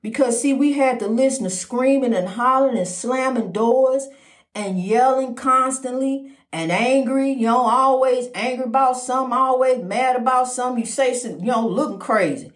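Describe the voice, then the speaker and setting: A middle-aged woman gives a casual, preachy talk about faith and calls the listener honey. She is recorded indoors in a roomy space with a clear echo around her voice. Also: high-pitched, moderate pace. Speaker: podcast host.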